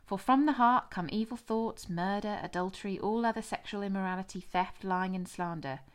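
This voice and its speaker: Jesus: earnest, authoritative male teacher, voiced by the female narrator, firm and steady. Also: mid-range voice, moderate pace, clean tone, lightly acted.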